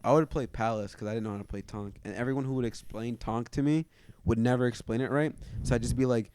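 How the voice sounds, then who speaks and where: A man's voice: medium pitch, steady tone, quick pace, darkish tone, clean tone, no echo. A man co-hosting a podcast, telling school stories in laid-back slangy casual chat. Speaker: podcast co-host.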